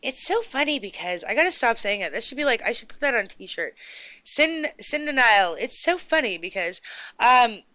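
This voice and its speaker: A woman's voice: on the high side, very animated, moderate pace, sharp tone, no room sound. A woman hosting her own radio show, chatting in a bubbly, rambling way into a close studio mic. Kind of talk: casual radio chat.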